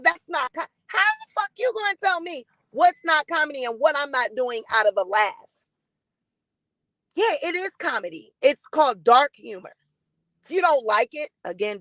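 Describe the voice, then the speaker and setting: A woman's voice: sits high, a bit bright, dry recording, low-quality recording. A woman hosting a live-stream gossip commentary, blunt and defiant, swearing freely and greeting chat viewers by name.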